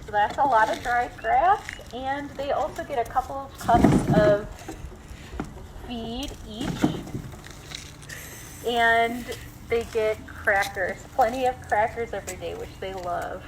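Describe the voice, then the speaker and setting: A woman's voice: on the high side, takes it slowly, background noise. A woman zookeeper giving a friendly live talk outdoors at an animal exhibit, explaining with frequent ums.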